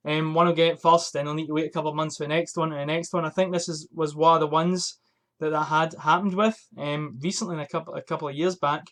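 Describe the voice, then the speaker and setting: A man's voice: a little high, level tone, quick pace, fairly bright tone. A young man vlogging from a small attic room into a USB desk mic, ranting and swearing in exasperation before his fragrance review. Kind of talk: casual vlog rant. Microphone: USB desk microphone.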